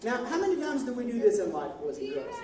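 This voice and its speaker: Woman children's ministry teacher, high pitch, animated and coaxing, distant in a reverberant hall with kids around. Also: fast talker, crowd noise. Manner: animated, coaxing, prompts lines for children to repeat. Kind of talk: directing a children's Bible skit. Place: large echoey church hall with children. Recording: echoey hall, distant mic, children chattering.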